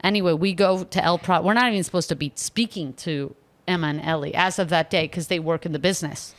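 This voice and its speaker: A young woman hosting a podcast, retelling a story in an animated, exaggerated way with sudden loud outbursts. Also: fairly low pitch, quick pace. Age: young adult. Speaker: podcast host. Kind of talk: casual comedic storytelling.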